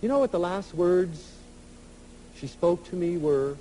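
A man giving an emotional, storytelling lecture to an audience, swinging from loud to soft. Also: sits high, animated, a little slow, a little hiss or hum, rough recording.

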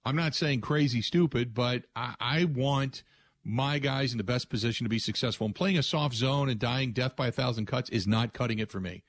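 Male talk-radio host, emphatic and rambling, mid-pitched voice, dry studio mic. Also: moderate pace, dry recording. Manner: emphatic, rambling with frequent restarts. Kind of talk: opinionated sports talk radio monologue.

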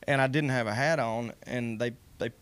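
A man's voice: mid-range voice, steady tone, normal speed, a bit bright, clear, resonant tone. A middle-aged man, a singer guest in a casual radio interview, telling stories in an easygoing, self-deprecating way and laughing often.

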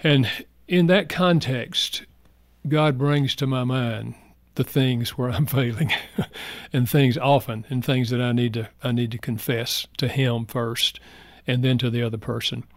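An older man, a guest author, telling personal stories in an earnest, heartfelt way, going soft in emotional moments. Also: medium pitch, fairly even intonation, unhurried, dry recording. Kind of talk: reflective personal storytelling.

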